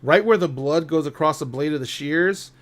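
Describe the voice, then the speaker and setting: A man narrating a tabletop game as game master, thoughtful and unhurried. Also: a little high, fairly bright tone. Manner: slow, thoughtful, with restarts.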